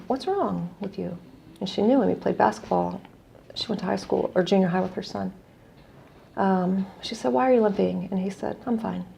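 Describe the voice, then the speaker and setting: A woman's voice: medium pitch, gravelly, dark tone, a little hiss or hum. A middle-aged woman from the United States, an earnest guest telling a story in conversation and quoting others as she goes. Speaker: guest, non-profit executive director.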